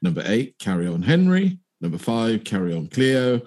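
A man's voice: lowish voice, sing-song, normal speed, a little mellow. A man co-hosting a podcast, chatting in an easygoing, agreeable way. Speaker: podcast co-host. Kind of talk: casual podcast chat.

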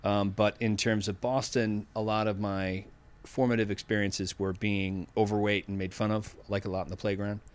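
Fifties guy from massachusetts, lowish voice, thoughtful, keeps restarting sentences. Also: flat delivery, moderate pace, clean tone. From Massachusetts, USA. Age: 50s. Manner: earnest, thoughtful, self-interrupting. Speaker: guest. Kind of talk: reflective conversational interview.

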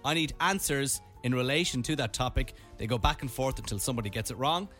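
Lively, bright-voiced man hosting radio. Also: mid-range voice, quick pace, faint music behind. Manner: playful, reading out items with commentary. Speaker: radio host. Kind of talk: casual radio chat.

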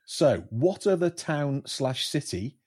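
A man's voice: mid-range voice, sing-song, slow pace, breathy edge. A man hosting a podcast, running a quiz for his guests with teasing, joking banter. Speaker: podcast host.

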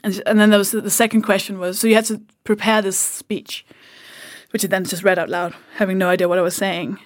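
A woman comedian, a podcast guest, telling lively anecdotes in casual chat, laughing and swearing now and then. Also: medium pitch, a little fast, no echo, clean studio sound.

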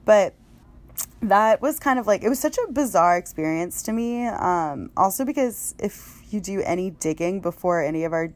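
A young adult woman hosting a podcast, telling stories in a chatty, animated way and laughing often. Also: medium pitch, moderate pace. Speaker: podcast host. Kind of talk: casual podcast chat.

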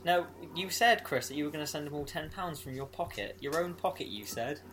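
A man's voice: on the high side, fairly quick. Joking man, casual podcast chat. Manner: joking, laughs often. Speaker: podcast co-host.

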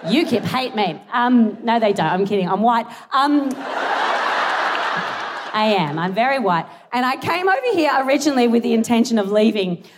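A woman's voice: on the high side, expressive, normal speed. A young Australian woman doing live stand-up in a big theatre, giggly, rambling and sweary with a self-mocking edge. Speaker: stand-up comedian. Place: large theatre stage. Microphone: stage mic. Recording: live theatre recording with audience noise. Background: audience laughter and crowd noise.

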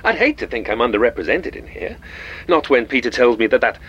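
A man's voice: mid-range voice, very animated, fairly quick, dull audio, slight background noise, lightly acted. An actor playing a genial, cheerfully polite but menacing old man in an audio drama.

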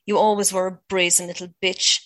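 A woman's voice: mid-range voice, little pitch movement, fairly quick, a bit bright, close to an everyday voice. A woman reading the lines of a bitter, scornful older father in an audiobook-style reading. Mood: venomous. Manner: cold, contemptuous.

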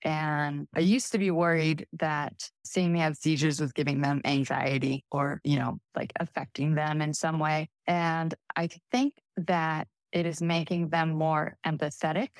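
A woman guest on an interview podcast, telling personal stories in a relaxed, candid way. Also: sits low, unhurried, hardly any pauses, no room sound. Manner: anecdotal storytelling, relaxed and candid. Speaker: guest author. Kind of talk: casual interview chat.

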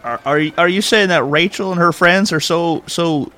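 Man, tabletop role-play, joking, placating, higher-pitched. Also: normal speed, bright, forceful tone. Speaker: player.

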